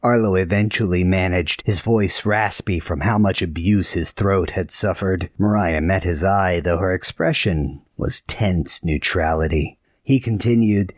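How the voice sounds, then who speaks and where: A man narrating a novel in a measured storytelling voice. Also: deep voice, no echo, studio quality. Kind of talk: scripted audiobook narration.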